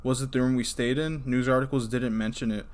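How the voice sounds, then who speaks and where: Young male storyteller, laid-back reading with chatty tangents, average pitch. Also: fairly even intonation, a little fast, smooth. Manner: rambling asides, frequent restarts and filler. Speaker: reader of scary stories. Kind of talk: casual story reading with commentary.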